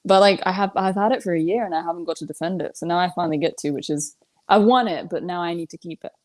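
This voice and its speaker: A woman's voice: on the low side, fast talker, a little mellow. A young British woman, a professional wrestler, chatting casually as a guest in a joking, self-mocking way. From Britain. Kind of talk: casual chat.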